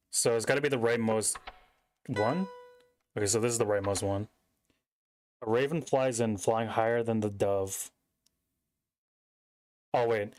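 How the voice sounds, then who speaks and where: A man's voice: lowish voice, dry recording. A young man streaming a game from home, thinking aloud in casual, rambling commentary as he reads puzzle text on screen.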